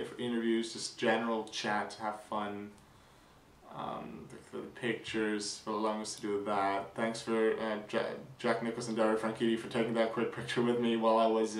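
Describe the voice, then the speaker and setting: A young man vlogging a casual weekend recap, rambling with fillers and restarts, excited. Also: lowish voice, echoey room, distant mic, poor audio.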